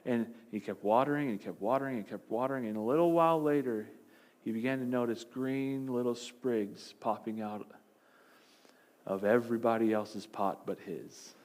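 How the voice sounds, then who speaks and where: A man's voice: mid-range voice, normal speed. Man preaching a storytelling sermon. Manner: dramatic storytelling, dropping to soft emphasis. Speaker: pastor.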